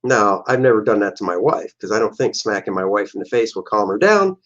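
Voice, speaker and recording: A man's voice: on the low side, expressive, fairly quick, fairly bright tone, lo-fi sound. A man, a comic book artist, chatting casually and joking on a livestream while looking back over his pages. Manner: joking, chatty, acts out characters' lines.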